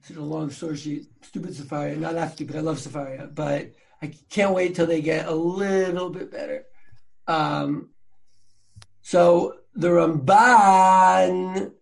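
A man's voice: on the high side, steady tone, moderate pace, creaky. A man hosting a podcast, teaching Torah sources in a chatty, slangy way with many fillers and restarts. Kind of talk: casual learning chat.

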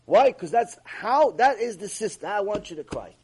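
A man's voice: high voice, animated, moderate pace, darkish tone, slight background noise. A man giving a mussar lecture as a Torah teacher. He is emphatic, repeats himself and asks many rhetorical questions.

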